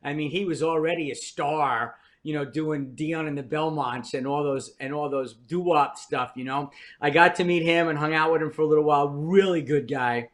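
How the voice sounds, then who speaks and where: An older veteran comedian from New Jersey, on the US East Coast, tells wry, rambling stories as a guest in a podcast interview. His voice is a little high and his pace moderate.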